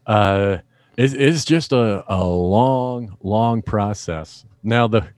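A man's voice: lowish voice, takes it slowly, no echo. A middle-aged man, a stand-up comedian, telling stories in an interview, laughing often and acting out the people he quotes. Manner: animated anecdote-telling, laughs often, acts out voices in quotes. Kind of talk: storytelling in a podcast interview.

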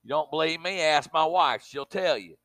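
A man preaching, his voice somewhat high and tense with force. He talks emphatically and folksily to the congregation. The sound is close and dry. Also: lively intonation, moderate pace, fairly bright tone, no room sound. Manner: emphatic, with colloquial asides to the congregation. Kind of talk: sermon.

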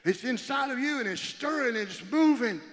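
Male pastor preaching in a church, high voice, goes loud then drops to a hush, long echo in the hall. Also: animated, fairly quick. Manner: swings from loud preaching to hushed near-whisper; calls on the congregation to respond. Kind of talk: sermon.

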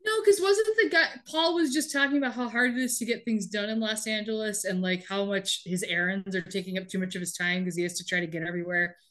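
A woman's voice: mid-range voice, steady tone, quick pace, few pauses, a bit bright. Dry, wry woman co-host. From American Midwest. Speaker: podcast co-host. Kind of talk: casual chat.

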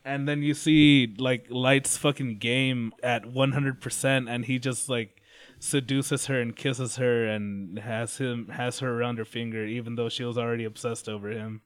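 Crisp-voiced man rambling through a story. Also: medium pitch, fairly even intonation, moderate pace. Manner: rambling, laughing storyteller, swears. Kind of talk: casual chat.

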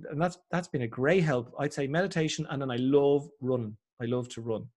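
A middle-aged Irish man chatting as a podcast guest, telling animated stories and acting out other people's voices. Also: mid-range voice, brisk. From Ireland. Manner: animated storyteller, acts out voices. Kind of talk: casual chat.

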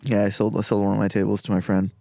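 Gravelly, teasing deadpan young man. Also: fairly low pitch, very fast, dry recording, studio quality. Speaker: podcast co-host. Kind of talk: casual comedic chat.

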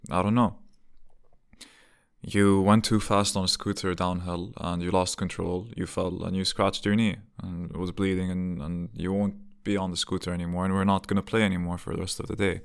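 A man's voice: low-pitched, flat delivery, moderate pace, vocal fry, clear, resonant tone. A young man talking casually and reflectively to himself, rambling through rhetorical questions with frequent restarts.

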